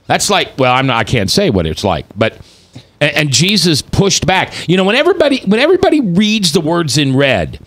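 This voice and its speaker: A man's voice: fairly high pitch, huge pitch swings, brisk, a bit bright. A man in his fifties hosting a talk radio show, delivering preachy commentary and acting out the quotes he reads. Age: 50s. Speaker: radio host.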